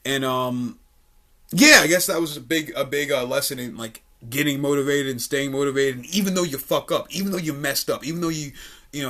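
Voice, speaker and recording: A man's voice: mid-range voice, fairly quick, pushed and bright. A man in his twenties hosting a podcast, telling a story in laid-back casual chat, swearing freely and laughing often. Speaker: podcast host.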